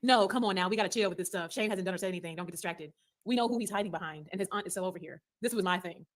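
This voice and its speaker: A woman in a played clip, chattering in a rapid, profane, gossipy way. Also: on the low side.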